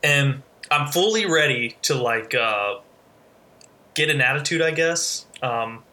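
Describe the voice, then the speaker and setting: Man, podcast co-host, very bright tone, casual swearing storyteller. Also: mid-range voice, expressive, slow pace. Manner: storytelling, heavy swearing, lots of fillers. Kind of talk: casual chat.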